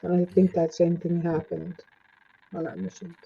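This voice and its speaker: A woman's voice: fairly low pitch, little pitch movement, moderate pace, creaky, warm tone, husky. Chatty older woman telling stories. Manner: chatty, laughs often, acts out quoted lines. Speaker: interview guest. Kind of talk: storytelling in a casual interview. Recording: dull lo-fi sound.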